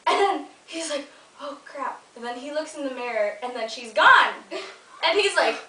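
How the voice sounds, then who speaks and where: A woman's voice: high voice, lively intonation, normal speed. A young woman from the Philippines telling a ghost story casually, chatty and giggly, with many "like"s and restarts. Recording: echoey room, mic at a distance, faint noise.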